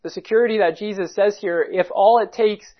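Preacher, expository sermon, emphatic and repetitive, mid pitch, muffled lo-fi sound. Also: a little fast. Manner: emphatic, repeats key points and reads scripture aloud. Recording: dull lo-fi recording.

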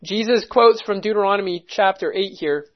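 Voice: medium pitch, normal speed. A preacher giving a verse-by-verse Bible teaching, speaking in an emphatic, methodical way and stopping to stress key words. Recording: dull lo-fi recording.

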